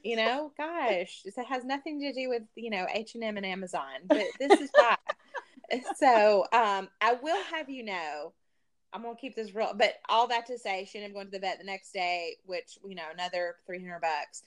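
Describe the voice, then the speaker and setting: A middle-aged woman with a drawl chats with her co-host, spinning an animated story. She acts out everyone's lines and laughs her way through it, in a voice of ordinary pitch. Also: normal speed. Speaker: podcast co-host. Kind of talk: casual chat.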